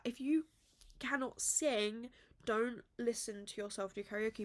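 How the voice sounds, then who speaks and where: A woman's voice: a little high, steady tone, measured pace. Chatty, rambling young woman vlogger. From England. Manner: chatty, self-deprecating, rambling with many fillers. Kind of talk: casual chat to camera. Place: home room.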